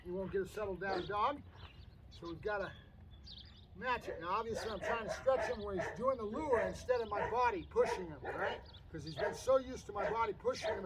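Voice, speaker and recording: A man who is a dog trainer, chatting casually to the camera and praising his puppy in short bursts. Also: high voice. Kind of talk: casual training vlog with commentary. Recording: distant mic with loud background noise.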